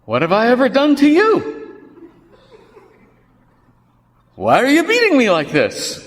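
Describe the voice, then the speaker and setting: A man voicing a high, aggrieved talking donkey. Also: wildly swooping pitch, moderate pace, exaggerated voice. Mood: hurt. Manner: aggrieved, reasoning. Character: pleading male talking donkey. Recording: long hall reverb.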